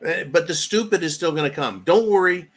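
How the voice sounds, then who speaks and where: A man's voice: fairly high pitch, fairly quick. A man hosting a political commentary channel, ranting in a sarcastic, profane way.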